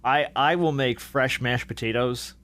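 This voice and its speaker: A man hosting a podcast in casual chat, telling stories in a relaxed way with casual swearing. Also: mid-range voice, unhurried. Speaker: podcast host.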